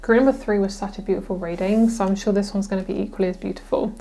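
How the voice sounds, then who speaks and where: Young woman tarot reader, excitable and gushing, casual and profane, mid-pitched. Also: quick pace. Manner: gushing, excitable, swears freely. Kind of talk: casual pick-a-card tarot reading.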